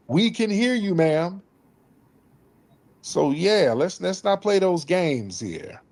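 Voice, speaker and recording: Lively high-voiced man, emphatic host. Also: takes it slowly. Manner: emphatic, scolding, repeats himself; mimics others in mocking voices. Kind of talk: opinionated commentary on a call-in news show.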